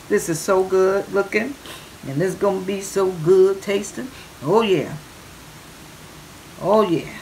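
A cooking vlogger with a mid-range voice chatters playfully through a cooking demo, stretching out her "oh yeah"s and calling her viewers babies. She speaks a little slowly and pauses often, and the home kitchen recording is noisy.

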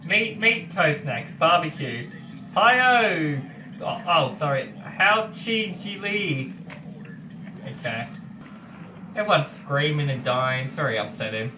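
A gamer chatting and joking with friends during an online multiplayer game, mixing mock-polite banter with loud exclamations. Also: mid-range voice, very animated, takes it slowly, reverberant, recorded from a distance, background noise. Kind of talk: casual gaming chat.

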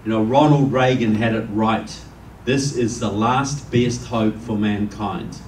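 A New Zealand-accented man addresses a roomful of people, easing in with jokes before turning earnest. His voice sits at an ordinary middle pitch, caught from a distance so it rings around the room. A faint hum of ambience lies underneath. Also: fairly even intonation, unhurried, a little mellow. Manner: conversational storyteller, jokes with the crowd. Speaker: guest speaker. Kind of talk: public speech to a live audience. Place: meeting room with an audience. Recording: echoey room, distant mic.

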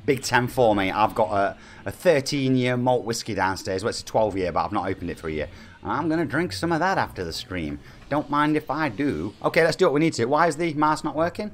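Brief: forties male game streamer, East Midlands English accent, chatty and upbeat, lively pitch. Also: brisk, a little hiss or hum. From England. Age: 40s. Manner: chatty and upbeat, reading out viewer names. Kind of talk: live game stream chat.

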